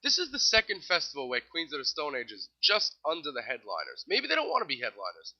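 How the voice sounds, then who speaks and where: With a fairly high voice that swoops wildly in pitch, a young New York City man races through festival lineups on his casual music news show. His solo commentary is full of wry, offhand asides, recorded in slightly dull lo-fi sound.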